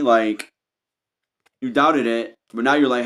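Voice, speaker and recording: A man's voice: medium pitch, normal speed. A man giving an unscripted tarot reading, talking straight to the listener, repeating and restarting his phrases as he goes. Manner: repetitive, meandering, restarts phrases often; addresses the listener directly as "you". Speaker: tarot reader.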